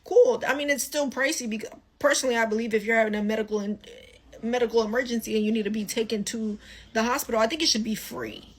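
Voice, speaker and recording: A woman's voice: a little high, steady tone, quick pace. A woman from California telling a story in a casual rant, acting out both sides of a phone call with exasperated, profane outbursts. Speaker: social media storyteller.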